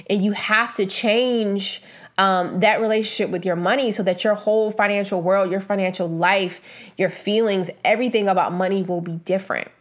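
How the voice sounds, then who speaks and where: Woman vlogger, mid-pitched, casual motivational delivery, earnest and emphatic, loose with restarts. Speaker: vlogger giving money advice. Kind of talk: casual motivational talk to camera.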